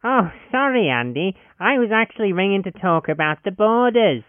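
A man's voice: high-pitched, animated, moderate pace, no echo. A man playing a grumpy, blunt middle-aged caller grumbling on a phone line.

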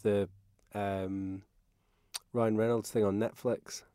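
A man's voice: fairly low pitch, little pitch movement, slow, mellow, clear, resonant tone, no echo, studio quality. A man chatting casually about films, hesitant with restarts and fillers.

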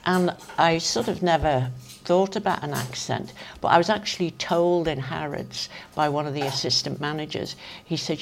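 An older woman with a Manx accent, chatting as an interview guest and telling lively anecdotes from her past. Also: low-pitched, moderate pace, gravelly, a little hiss or hum. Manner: chatty storyteller, lively asides. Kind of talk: casual reminiscing anecdotes.

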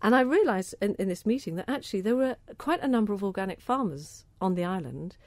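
A woman's voice: mid-range voice, animated, fast talker, a little mellow, dry recording. A middle-aged woman with a southern English accent, answering interview questions about a cause she cares about in an enthusiastic, chatty way, often repeating words as she starts a thought. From southern England. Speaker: interviewee, organic food campaigner.

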